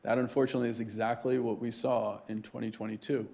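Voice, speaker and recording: Man, gravelly voice, lecture to students, conversational, keeps asking right. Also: mid-range voice, flat delivery, fast, warm tone. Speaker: guest speaker.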